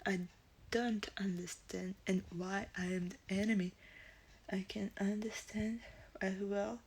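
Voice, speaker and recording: A young woman streaming live, talking casually in a halting, hesitant way as she searches for words, emotional and teary. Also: medium pitch, gravelly, a little hiss or hum.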